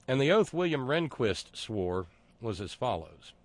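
A man's voice: medium pitch, very animated, unhurried, no echo. A man talking through a casual monologue, sarcastic and digressive, often stopping to restart his sentences.

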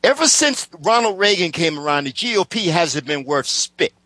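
A man's voice: on the high side, sing-song, moderate pace, sharp tone, dry recording. Man ranting with heavy profanity. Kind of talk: casual political chat.

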